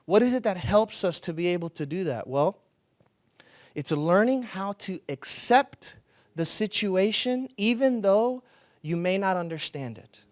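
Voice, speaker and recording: Higher-voiced man preaching a relaxed sermon. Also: measured pace, no echo, studio quality. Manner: conversational, storytelling with laughs. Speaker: pastor.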